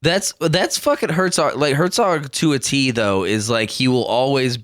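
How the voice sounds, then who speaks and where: A man co-hosts a podcast in a mid-range, fairly bright voice at normal speed, recorded with clean studio sound and no room noise. Laid-back and profane, he chimes in with quips during casual chat.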